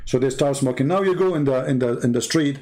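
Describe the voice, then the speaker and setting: A man's voice: mid-range voice, quick pace, darkish tone. A man giving a mocking, emphatic monologue full of rhetorical questions. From Arab Middle East. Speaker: online commentator. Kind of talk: sarcastic monologue to camera.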